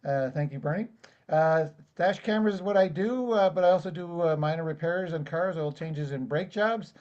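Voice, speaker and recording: Easygoing man with a higher voice. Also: moderate pace, darkish tone. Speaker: car repair and dash camera business owner. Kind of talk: casual business networking pitch. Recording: dull lo-fi online meeting audio.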